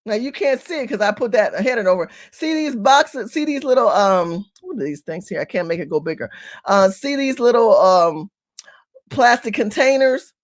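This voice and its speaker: A woman with a fairly high voice hosts a live stream. She talks straight to her viewers as "family", hammering points home by repeating them. Rhetorical questions come one after another. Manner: emphatic and repetitive, firing rhetorical questions at viewers. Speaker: livestream host.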